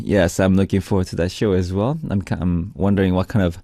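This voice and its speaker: A man hosting a music radio show, reading out listener messages in a relaxed, chatty way. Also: low voice, brisk, dry recording, clean studio sound. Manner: relaxed, chatty, lots of "like" and "you know". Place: radio studio. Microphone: studio microphone.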